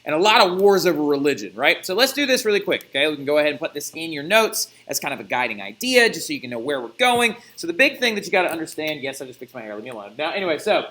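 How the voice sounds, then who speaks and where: A young man gives a recorded history lesson. His voice sits high and sounds bright and lively. He talks in a chatty, animated way and keeps dropping jokey asides. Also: rapid-fire, few pauses. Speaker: teacher. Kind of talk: recorded classroom lecture.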